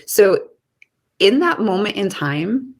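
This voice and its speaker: A middle-aged woman co-hosting a podcast, telling a story in a casual, animated way and often laughing. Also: medium pitch, slow pace. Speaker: podcast co-host.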